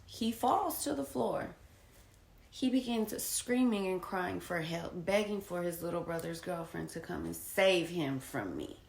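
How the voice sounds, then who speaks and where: A woman telling a raw personal story in a candid, unpolished way, swinging between hushed and loud. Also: on the low side, expressive, a little slow, vocal fry, echoey room. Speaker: storyteller sharing her own experience.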